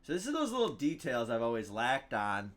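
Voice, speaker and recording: A man giving live commentary on his own game, thinking out loud, reading card text aloud and bursting into loud cheers. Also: mid-range voice, huge pitch swings, fairly quick. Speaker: gameplay streamer.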